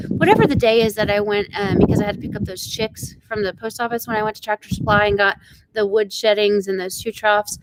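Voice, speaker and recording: A woman's voice: mid-range voice, brisk, very noisy. A middle-aged woman from Oklahoma with an Oklahoman accent hosts a casual live stream outdoors, chatting and greeting viewers by name. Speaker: ranch channel host reading live chat. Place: outdoors on a ranch.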